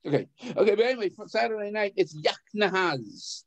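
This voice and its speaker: High-voiced man teaching a class. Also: sing-song, rough recording. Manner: explains, asks the class questions, chuckles often; halting, repeats words. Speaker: rabbi teaching adult education. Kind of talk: adult education class on the Passover Haggadah.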